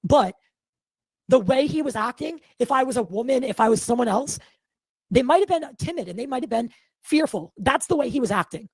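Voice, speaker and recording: A man from Massachusetts hosting a podcast, telling a story in a rambling, animated way and swearing freely, audibly shaken. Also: extremely high pitch, fairly quick, husky, no room sound. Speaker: podcast host.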